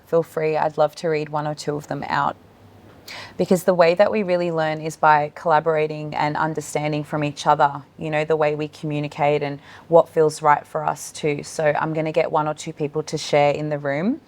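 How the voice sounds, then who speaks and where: A woman's voice: deep voice, little pitch movement, moderate pace. A woman presenting a live training workshop for educators, speaking in an encouraging way to people in the room and online. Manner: warm, encouraging, addresses room and online audience. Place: meeting room with in-person and online attendees.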